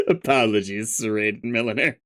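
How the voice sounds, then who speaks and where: A man doing a casual read-through of a webcomic, stopping for wry, laughing asides. He talks at a slow, unhurried pace. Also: medium pitch, sharp tone. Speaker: webcomic read-along host.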